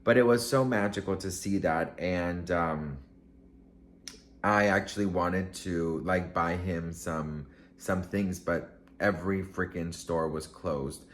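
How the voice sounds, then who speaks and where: Emotional, gushing man with a low voice. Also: takes it slowly, a little hiss or hum. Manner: gushing, emotional, rambling with many fillers. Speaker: vlogger. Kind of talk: casual storytelling to camera.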